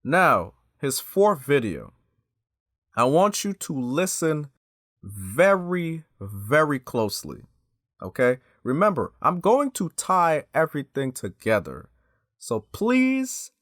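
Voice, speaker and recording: A man's voice: on the high side, fairly bright tone, dry recording, studio quality. A man giving casual, emphatic commentary as a YouTube host and talking straight to his viewers.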